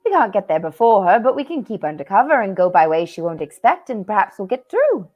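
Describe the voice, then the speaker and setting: Lady doing a fussy mama beaver, brisk and bossy, half irish half english lilt, swoopy storybook voice. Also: mid-range voice, big pitch swings, lo-fi sound. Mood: bustling. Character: motherly bustling female beaver, fussy and practical.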